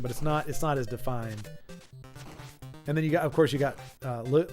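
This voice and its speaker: A man in his forties talking through a game on a live stream, his voice sitting a little high for a man. He stumbles and restarts his sentences as he answers the chat, and faint game music plays behind him. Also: fast, a little mellow. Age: 40s. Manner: stammering restarts, reads viewer chat aloud. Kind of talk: casual live-stream chat while playing.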